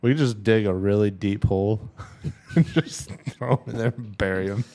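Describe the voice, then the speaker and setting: A man co-hosting a casual podcast chat, playful and quick to laugh. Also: on the low side, dark tone. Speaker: podcast co-host.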